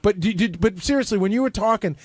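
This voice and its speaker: A man's voice: sits high, fast talker, darkish tone, no echo. A man in a heated casual radio chat, pressing his point in a pointed, needling way. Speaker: radio show panelist.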